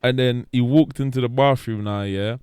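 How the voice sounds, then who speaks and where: A man's voice: medium pitch, fairly even intonation, normal speed, darkish tone, clear, resonant tone, no room sound, clean studio sound. A man with a London accent, a guest DJ telling club stories in slangy, laughing chat. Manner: slangy, laughing, acts out voices. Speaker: guest DJ and promoter. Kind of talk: animated storytelling chat.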